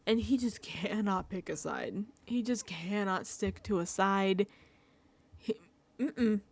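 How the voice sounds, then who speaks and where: A woman's voice: medium pitch, slow pace, creaky. A young woman giving a sassy, gossipy recap of a reality show, acting out quotes from the contestants. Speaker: recap vlogger.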